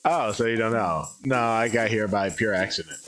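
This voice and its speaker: A polite, inquisitive young dinosaur traveler from a video game, as a man reads her lines. The voice is a low male one, read plainly, with faint game music in the background. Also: normal speed, fairly bright tone, close to an everyday voice. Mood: curious. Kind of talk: reading game dialogue aloud on a live stream.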